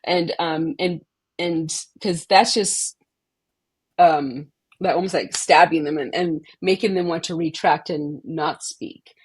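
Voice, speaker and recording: A woman from Texas, a podcast guest, talking in a halting way with many pauses and restarts. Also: low voice, fairly even intonation, husky. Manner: halting, many ums and restarts, laughs often. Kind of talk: casual interview chat.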